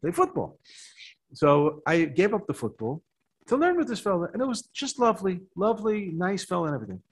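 Husky, animated older American rabbi. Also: male voice, high-pitched, brisk. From United States. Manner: animated storytelling, rises in excitement. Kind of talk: Torah talk to a live audience.

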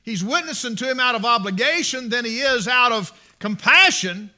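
Preacher guy in a sermon, pretty high voice, keeps hammering the same lines, fired up. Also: lively intonation, normal speed, pushed and bright. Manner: impassioned and emphatic, repeating phrases.

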